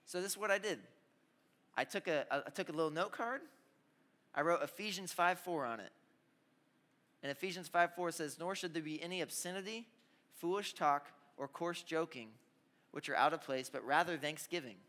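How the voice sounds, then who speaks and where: A young man preaching a youth sermon, telling stories with lively asides and calling out to the audience. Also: a little high, moderate pace, long pauses. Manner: energetic storytelling with audience call-outs. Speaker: youth pastor. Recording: hall reverb.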